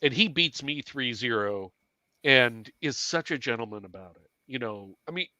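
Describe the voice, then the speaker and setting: A man spins a self-mocking story in a bright, forward voice, swearing freely as he goes. His delivery is animated and conversational, recorded dry with almost no room sound around him. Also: medium pitch, moderate pace, no echo. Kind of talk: casual storytelling on a live stream.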